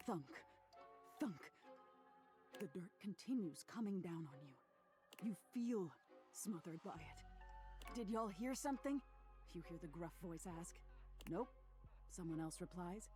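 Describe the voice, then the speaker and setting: A woman voicing a soft-spoken female attic ghost who narrates in a slow, hushed, often whispered way. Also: lowish voice, close to an everyday voice. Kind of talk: voiced game narration. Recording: game audio with clear music behind.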